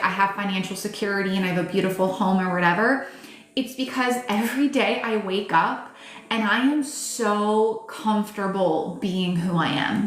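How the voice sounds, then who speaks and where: A woman's voice: mid-range voice, fairly bright tone. A woman reading tarot live, talking to her viewers in a casual, emphatic way, full of fillers and restarts and the odd swear word. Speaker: tarot reader. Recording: roomy echo with faint music behind.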